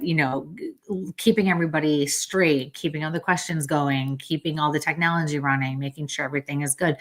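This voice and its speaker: A middle-aged woman chatting as a podcast guest, talkative and quick to laugh, with a loose, swearing manner. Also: low voice. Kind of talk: casual chat.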